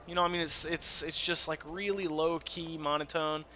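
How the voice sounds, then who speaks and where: Loud, excitable man narrating gameplay. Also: on the high side, moderate pace, slight background noise. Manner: loud, excitable, swings between yelling and quiet; crude, joking asides. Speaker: let's play host. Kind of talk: casual gameplay commentary. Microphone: desk microphone that peaks. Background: game audio.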